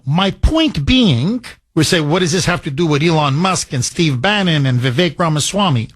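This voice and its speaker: Emotional talk radio guy ranting, middle-aged, kinda raspy voice pitched a bit high. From Canada. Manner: emotional, heated, preachy. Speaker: radio talk show host.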